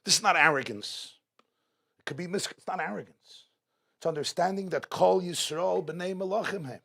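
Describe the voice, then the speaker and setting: A man delivers an inspirational talk to a live audience in an event hall. His voice sits a little high and carries a husky, gravelly grain. He drives his points home with strings of repeated rhetorical questions. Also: normal speed, a bit bright. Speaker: guest speaker at a religious gathering.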